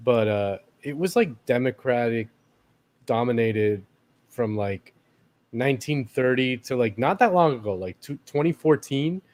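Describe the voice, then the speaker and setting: A man chats casually about politics as a co-host. His pitch is ordinary and middling. He rambles and keeps restarting his sentences with filler words. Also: darkish tone.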